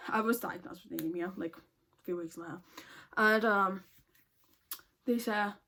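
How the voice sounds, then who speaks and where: A woman's voice: medium pitch, measured pace, pushed and bright. A woman telling a storytime vlog in a casual, blunt way, swearing a lot and laughing often. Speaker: vlogger.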